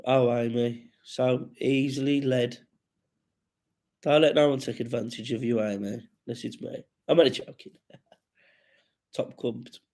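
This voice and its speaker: A man's voice: medium pitch, fairly even intonation, measured pace, long pauses, mellow. A man with a West Midlands accent hosting a live stream, reading out comments with sweary, jokey banter.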